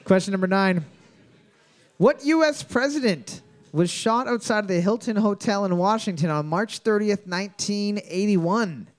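A man's voice: high-pitched, moderate pace. A man hosting a live trivia night at a bar, joking and reading each question twice. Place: bar venue with live audience.

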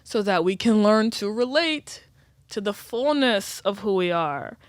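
A woman's voice: mid-range voice, expressive, a little slow, no room sound, clean studio sound. A woman guest on a podcast in casual chat, talking in a reflective, long-winded way.

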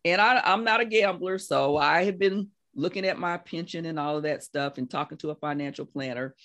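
Woman, 60s, life coach guest, chatty storyteller who bursts high when quoting. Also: brisk. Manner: animated storyteller, acts out quotes with big laughing pitch jumps. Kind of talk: conversational interview.

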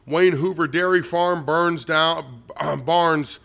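Reading from his own notes, a man with a slightly high, creaky and fairly bright voice rushes through a long list of dates and places. He reads fast and stumbles, tripping over words, restarting and filling gaps with fillers.

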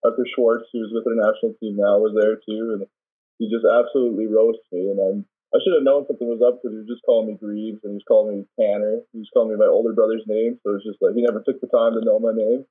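A man in his twenties, a volleyball player, telling a story in a relaxed interview and laughing often. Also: lowish voice, fast talker, breathy edge. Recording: tinny phone-like call audio.

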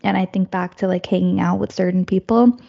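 A woman in a reflective casual conversation, thoughtful and fairly monotone. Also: mid-range voice, brisk, gravelly, dull audio. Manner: thoughtful, says she speaks in a monotone.

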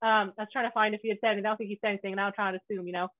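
A woman with a Scottish accent hosting a casual interview, loud and brash, laughing and swearing freely. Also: medium pitch, steady tone, racing. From Scotland. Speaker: podcast host. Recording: tinny phone-like line.

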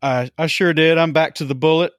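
Relaxed male podcast host, dry sound. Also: fairly high pitch, no room sound. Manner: relaxed, unhurried, trailing off with fillers. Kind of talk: casual podcast chat.

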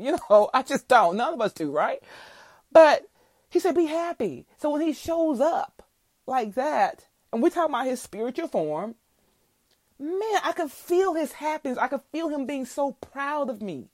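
A woman's voice: fairly high pitch, very animated, moderate pace, no echo. A woman hosting a faith podcast, telling a heartfelt testimony and teaching scripture in a preacherly way. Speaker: podcast host.

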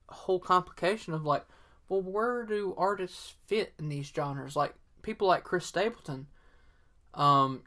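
A man's voice: on the high side, bright, forceful tone. A man with a Southern accent hosting a solo podcast, rambling casually with lots of fillers and opinions. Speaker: podcast host.

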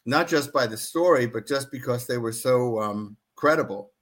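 A man's voice: mid-range voice, normal speed. Earnest man telling a story in an interview. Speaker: author and interview guest.

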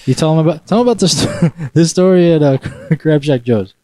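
A man's voice: fairly high pitch, a little fast, mellow, no echo. A man co-hosting a casual podcast with his brothers, laughing and egging them on. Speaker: podcast co-host.

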